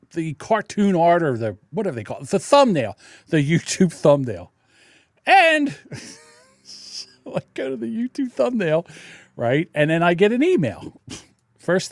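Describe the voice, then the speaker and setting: A man's voice: sits high, no room sound, studio quality. A man hosting his own podcast, ranting in a sarcastic, indignant way and laughing often. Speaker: podcast host. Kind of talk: solo podcast livestream rant.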